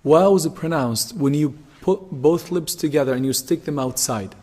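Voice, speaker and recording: A man teaching Arabic letter pronunciation, repeating each sound slowly and with emphasis. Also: on the high side, a little mellow. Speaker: Quran recitation teacher. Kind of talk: tajweed pronunciation lesson.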